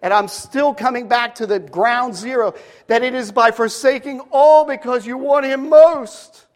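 Preacher, male, fairly high voice, earnest and emphatic sermon delivery with stories. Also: a little slow.

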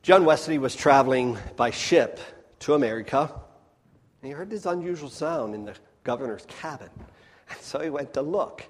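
A man's voice: fairly high pitch, expressive, moderate pace. Folksy preacher man in a reverberant hall. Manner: swings between loud emphatic bursts and hushed near-whispers; folksy, addresses the crowd as folks. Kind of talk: sermon.

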